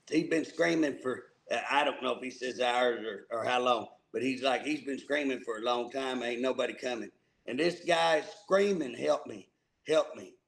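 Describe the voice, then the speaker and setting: A man's voice: mid-range voice, vocal fry, poor audio. A man co-hosting a casual political talk show, folksy and emphatic, often repeating words as he starts a thought. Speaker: co-host.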